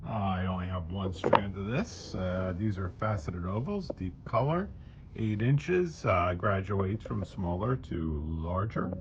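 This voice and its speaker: Folksy lower-voiced man selling beads. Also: slow pace, muffled recording. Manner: folksy, rambling, jokey sales patter. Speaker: bead shop owner presenting weekly specials. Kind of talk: casual product showcase. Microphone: handheld camera he is holding himself. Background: loud background music.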